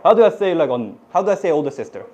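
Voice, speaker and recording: A middle-aged man with a Korean accent, whose first language is Korean, teaching Korean words to a class in a lively way. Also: a little high, rapid-fire. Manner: animated, switches into cute playful put-on voices for examples.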